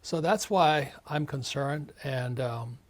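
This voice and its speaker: A guest author in his seventies speaks slowly in a mid-range voice. Emphatic and ranting in the interview, he performs the voices of those he quotes.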